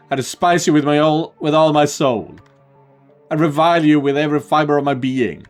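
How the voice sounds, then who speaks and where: A man reading the lines of a tortured young woman from a game, shouting with rising fury. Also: deep voice. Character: tortured young woman saint, enraged and vengeful.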